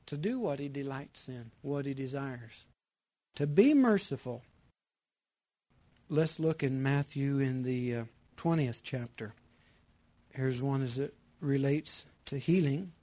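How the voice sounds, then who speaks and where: A man preaching a sermon, repeating his phrases with emphasis and moving between loud bursts and hushed lines. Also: a little high, dry recording.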